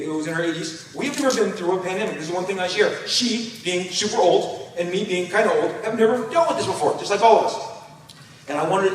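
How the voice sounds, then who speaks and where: Animated storyteller, man in his fifties, high voice, far from the mic in a big echoey hall. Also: a little hiss or hum. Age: 50s. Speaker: comic creator, panel guest. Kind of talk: convention panel talk. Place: large convention hall.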